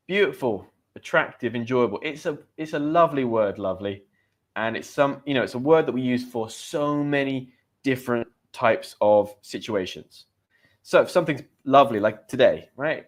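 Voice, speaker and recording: A man's voice: mid-range voice, expressive, moderate pace. An Englishman teaching English expressions in a chatty, upbeat live stream, repeating key words and reading viewers' comments. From England. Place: home in Spain.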